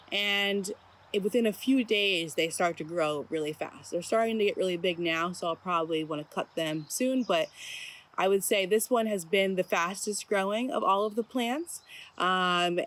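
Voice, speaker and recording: A young woman casually presenting her regrown kitchen plants in a relaxed, friendly way, with a few ums. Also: mid-range voice. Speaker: gardening video presenter. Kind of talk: casual home demonstration.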